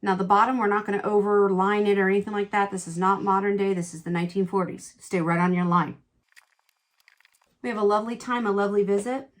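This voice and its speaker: A middle-aged woman chatting through a makeup tutorial, candid and quick to exclaim, telling a personal story as she works. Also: mid-range voice, fairly even intonation. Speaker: beauty vlogger.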